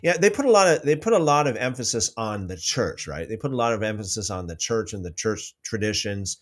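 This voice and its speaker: A man hosting a casual livestream about faith, reading out viewer comments and telling stories with many restarts. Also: fairly quick. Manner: rambling, restarts often, lively pitch swings when telling stories.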